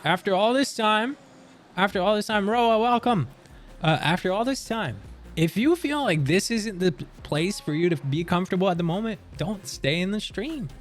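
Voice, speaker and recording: A young man streaming from Canada, chatting casually with viewers, rambling and swearing as he reads chat aloud. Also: sits high. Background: faint music.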